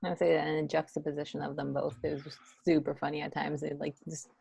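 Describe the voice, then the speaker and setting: Low, gravelly woman chatting quickly. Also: flat delivery, dark tone, no echo. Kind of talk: casual chat.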